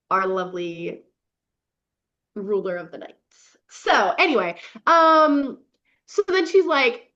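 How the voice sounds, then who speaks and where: A young woman hosting a podcast and recapping books in casual chat, gushing and swearing with quick bursts of laughter. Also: mid-range voice, fairly bright tone. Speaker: podcast host. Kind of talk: casual book review chat. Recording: dull lo-fi recording.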